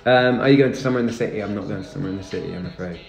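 Racing along with vocal fry in a lowish voice, a young livestreamer casually thanks his viewers and answers their comments. The room is echoey, with music playing behind.

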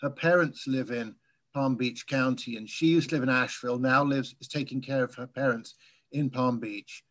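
A man from England whose English accent has softened over years in the US, a guest speaker telling relaxed, chatty stories in a Q&A over a video call. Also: medium pitch, normal speed. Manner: relaxed, chatty storytelling with light laughs. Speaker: guest speaker, birding tour leader. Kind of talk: casual Q&A after a talk.

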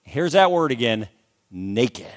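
Older man, pastor, sermon, high voice, lively swings, emphatic, calls for amens. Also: unhurried.

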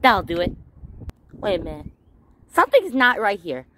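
A woman voicing Mario, a hot-tempered male plumber in a homemade plush toy skit, who mutters and bursts into yells. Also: medium pitch, sing-song, normal speed. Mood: muttering. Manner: exasperated, yelling outbursts, mutters to himself.

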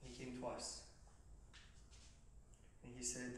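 A man with a Romanian accent telling his life story as a motivational speaker, slow and dramatic, rising to shouts at the peaks. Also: mid-range voice. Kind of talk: personal story speech. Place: large event hall on stage. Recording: echoey hall from far off, faint noise.

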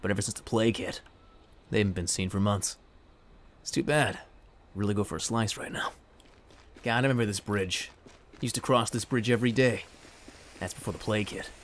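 A man voicing a weary male survivor narrating life after a plague in a low, mumbling storytelling voice. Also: fairly quick, long pauses, close to an everyday voice.

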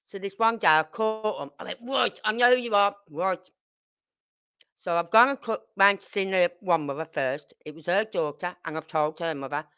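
Brummie woman, middle-aged, lowish and forceful, blunt swearing storyteller talking to camera. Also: normal speed, clean tone. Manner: blunt, salty, tells stories with acted quotes. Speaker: channel host.

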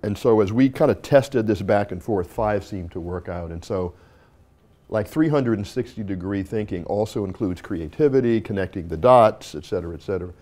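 Low mellow-voiced male lecturer. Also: moderate pace. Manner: storytelling with asides and self-corrections. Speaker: university dean lecturing a class. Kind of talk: informal classroom talk. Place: classroom.

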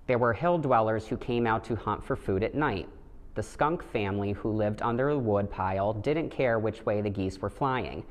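A man reading a children's picture book aloud in a gentle, steady storytelling manner, putting light voices on the animals. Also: lowish voice, normal speed. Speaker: storybook reader. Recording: long hall reverb.

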